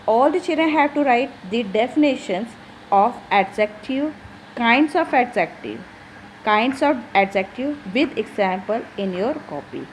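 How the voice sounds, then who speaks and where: Woman, school teacher, higher-pitched, patient repetition, talks to pupils as children. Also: lively intonation, a little hiss or hum, low-quality recording. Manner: repeats each example sentence slowly; addresses pupils directly as children. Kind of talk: online grammar class.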